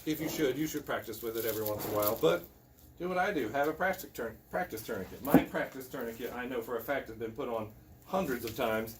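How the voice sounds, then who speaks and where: A man's voice: mid-range voice, slight background noise. A man from Indiana teaching a hands-on medical class in a casual, blunt, joking way. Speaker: tactical medicine instructor.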